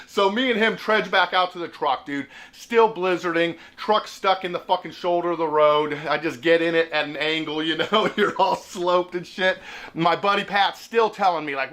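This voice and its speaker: A man's voice: a little high, fairly quick, fairly bright tone. A man from Seattle telling a story casually, laid-back and cussing a lot, chuckling as he goes. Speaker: host.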